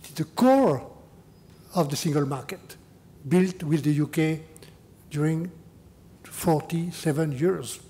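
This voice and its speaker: An older Frenchman, the EU's chief negotiator, takes questions after a lecture in a large hall, speaking slow, careful English in a slightly high voice with a warm tone and frequent pauses. He tends to repeat words as he gropes for phrasing, then underlines his points with an inquiring "huh?".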